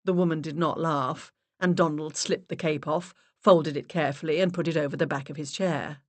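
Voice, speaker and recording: A woman narrating a mystery audiobook in the first person, expressive storytelling. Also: low-pitched, a little fast, no echo. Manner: expressive storytelling with varied character voices.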